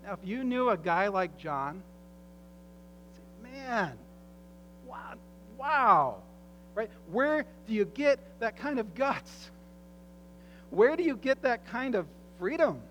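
A man preaching a sermon, telling a story with dramatic voiced quotes that swing from loud to soft. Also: sits high, big pitch swings, slow, long pauses. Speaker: pastor. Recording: faint mains hum, long hall reverb.

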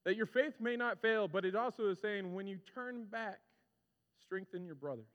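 Male pastor, high and very animated voice, casual preaching style, long hall reverb. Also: moderate pace, muffled recording. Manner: animated, conversational preaching with acted-out quotes. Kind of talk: sermon.

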